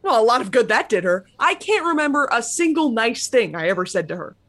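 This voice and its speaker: A woman's voice: fairly high pitch, very animated, a little fast, a bit bright, heavily acted. A woman voicing a bitter, self-loathing young male writer in an audio drama, anguished, her voice climbing and breaking. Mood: regretful.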